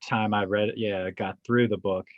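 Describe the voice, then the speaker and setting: Low-voiced chuckling man, dull dry sound. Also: moderate pace, crowd noise. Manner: relaxed, chuckling, asks questions. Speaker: podcast co-host. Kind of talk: casual book discussion.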